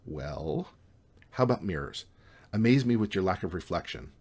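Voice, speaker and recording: A man's voice: low-pitched, normal speed, vocal fry, breathy edge, exaggerated voice. Storybook roommate, young man, dry and unimpressed, read by a man. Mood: deadpan. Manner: dry, deadpan.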